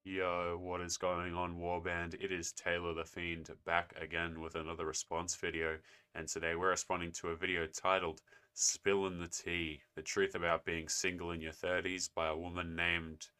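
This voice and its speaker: Deep-voiced sarcastic man lecturing. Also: monotone, normal speed, sharp tone, smooth. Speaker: response video host. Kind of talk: casual commentary.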